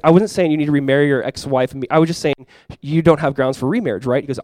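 Pastor, male, fast conversational sermon delivery with bursts of emphasis, dry close sound. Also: a little high, animated, a little mellow, no echo, low-quality recording. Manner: conversational storytelling with sudden emphatic rises.

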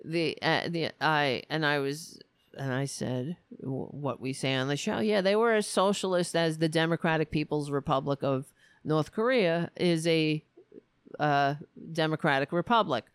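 A woman hosting a political show, telling a story in an animated, profane rant and quoting both sides of an argument. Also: deep voice, moderate pace, clean tone, no room sound. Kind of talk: casual ranting commentary.

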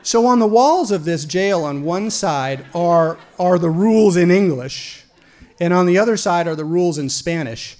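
A middle-aged man telling a personal story live, wry and animated, rising to loud outbursts. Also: high-pitched, normal speed.

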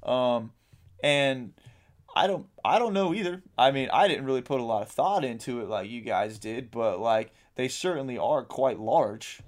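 A man in an easygoing podcast conversation, rambling through his thoughts with plenty of ums and the odd swear word. His voice sits at a middle pitch. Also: lively intonation, moderate pace. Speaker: podcast co-host. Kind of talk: casual chat.

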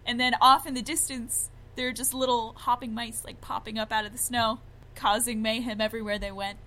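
A woman's voice: a little high, little pitch movement, brisk, bright, forceful tone. A woman co-hosting a podcast, chatting casually and animatedly, often laughing. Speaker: podcast co-host. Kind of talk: casual chat.

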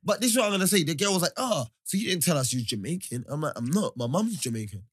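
A man's voice: a little high, lively intonation, fast, slightly rough, no room sound, studio quality. A young man, teasing his friends in casual banter, often breaking into sing-song delivery.

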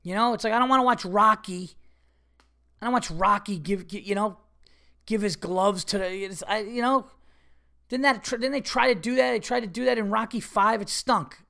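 A man's voice: high-pitched, normal speed, creaky, bright, forceful tone. A middle-aged man hosting a podcast, ranting in a profane, repetitive, emphatic way. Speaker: podcast host. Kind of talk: casual solo podcast rant.

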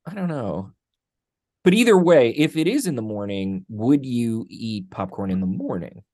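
Male co-host, animated intonation, enthusiastic and quick to laugh, casual podcast chat. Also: medium pitch.

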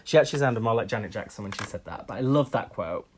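A man's voice: lowish voice, animated, fast talker, slight background noise. A man co-hosting a podcast, chatting casually and opinionated, with frequent ums. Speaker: podcast co-host. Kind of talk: casual chat.

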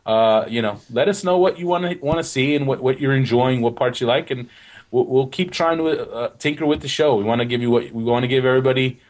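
A man's voice: mid-range voice, fast talker. Rambling male soccer podcast co-host. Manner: rambling, frequent restarts and "you know what?". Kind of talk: casual soccer podcast chat.

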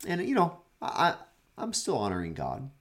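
Male pastor, mid-pitched voice, earnest devotional teaching with dramatic scripture reading that swings from loud to hushed. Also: wildly swooping pitch, normal speed. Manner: earnest, repeats words while searching for phrasing. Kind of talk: daily devotional Bible teaching.

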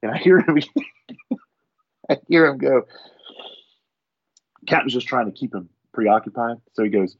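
A man's voice: medium pitch, animated, moderate pace, pauses often, lo-fi sound. A man, a firefighter, telling a profane story in casual podcast talk and acting out the people in it. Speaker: firefighter guest.

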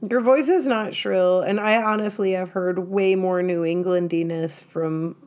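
A woman's voice: on the low side, fairly even intonation, unhurried, darkish tone. A woman from upstate New York co-hosting a podcast, laid-back and giggly, swearing casually. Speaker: podcast co-host. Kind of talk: casual chat.

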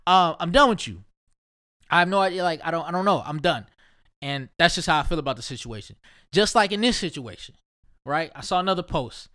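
Guy from ohio going off, cussing a lot, kinda high voice, keeps repeating himself. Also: animated, brisk, sharp tone. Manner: profane, emphatic, repeats himself. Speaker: solo commentator. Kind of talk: casual rant monologue.

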